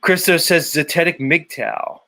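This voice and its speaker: A man's voice: fairly high pitch, steady tone, a little slow, bright, forceful tone. A man hosting a casual live stream, reading viewer comments aloud and lecturing in a blunt, repetitive, emphatic way. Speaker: show host.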